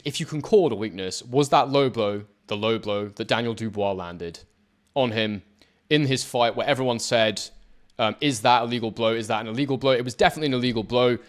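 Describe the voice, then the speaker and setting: A man analysing boxing footage, speaking emphatically and addressing his viewers directly. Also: mid-range voice. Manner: emphatic, talks straight to viewers. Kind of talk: talking over fight footage.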